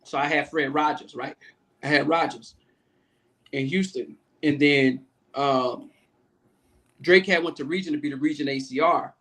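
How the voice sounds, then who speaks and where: A man with a slightly high voice tells a long workplace story in relaxed, salty podcast talk. He slips into other people's voices as he recounts what they said. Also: measured pace, pauses often. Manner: animated storyteller acting out the people he quotes; loose, profane, talkative. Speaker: podcast guest, Navy command master chief. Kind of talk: casual storytelling interview.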